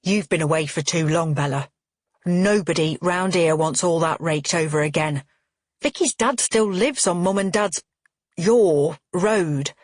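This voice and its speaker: A woman reading the part of a vehement, hot-tempered middle-aged brother, husky-edged and dry. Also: fairly high pitch, unhurried, no echo. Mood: reproachful. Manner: vehement, scolding.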